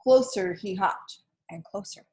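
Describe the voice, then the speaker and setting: Woman reading a picture book aloud, gentle and expressive. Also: medium pitch, unhurried. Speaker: storybook reader. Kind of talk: storybook read-aloud.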